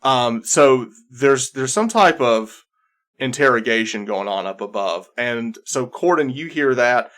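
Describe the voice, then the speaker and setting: A man's voice: medium pitch, lively intonation, a little slow, a bit bright. Man narrating a tabletop game. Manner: descriptive second-person narration, many restarts. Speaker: game master.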